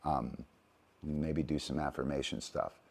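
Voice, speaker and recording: A man's voice: extremely low pitch, steady tone, measured pace, creaky, breathy edge. A middle-aged man hosting a casual talk on dog training, rambling and emphatic, tagging "right?" onto his points and swearing casually. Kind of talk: casual monologue.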